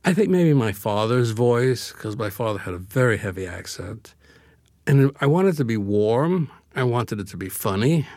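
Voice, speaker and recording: A man's voice: mid-range voice, sing-song, normal speed, darkish tone, no room sound. An older man from Brooklyn talks with a wry, reflective humor as an interview guest. The sound is dry and close to the mic. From Brooklyn, USA. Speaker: guest author. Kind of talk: casual interview conversation.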